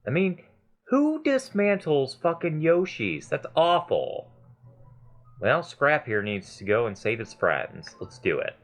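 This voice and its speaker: A man hosting a let's play, giving excitable, gushing game commentary and swearing casually. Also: fairly high pitch, slow pace.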